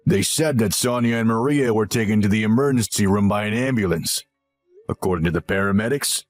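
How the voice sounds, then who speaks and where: A man voicing a stern older father who calmly and firmly reproaches his son. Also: lowish voice, close to an everyday voice. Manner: firm, measured and reproachful.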